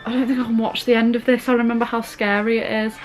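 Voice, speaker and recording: A young woman with a somewhat high voice gives a casual reaction vlog. She chats, gasps and squeals in fright as she watches. Faint music plays behind her. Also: low-quality recording. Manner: jumpy, gasping and squealing, chatty. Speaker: vlogger.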